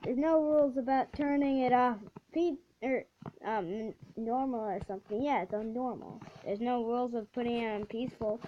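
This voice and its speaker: A woman giving casual gameplay commentary as a channel host, halting and restarting often, then bursting into excited exclamations. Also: a little high. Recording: dull lo-fi audio with steady background noise.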